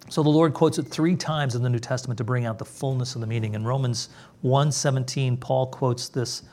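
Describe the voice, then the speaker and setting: A man preaching a sermon as pastor, emphatic, dropping low and soft on key words. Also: a little hiss or hum.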